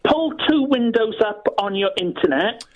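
A man calling in to a radio show, talking earnestly and haltingly. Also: sits high, lively intonation, dull audio. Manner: earnest, halting, repeats himself. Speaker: caller. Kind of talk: casual chat on the phone to a radio show.

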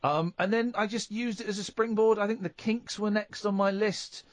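A man's voice: high voice, steady tone, moderate pace, no room sound. A man hosting a radio phone-in, chatting casually and jokily, often stammering and restarting. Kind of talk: casual chat.

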